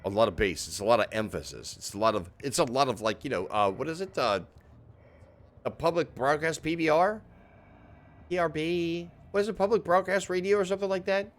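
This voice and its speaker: A man's voice: a little high, expressive, a little fast. Male game streamer, casual and rambling, laughs a lot, mild swearing, close studio mic. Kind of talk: casual live-stream chat. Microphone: diaphragm studio microphone.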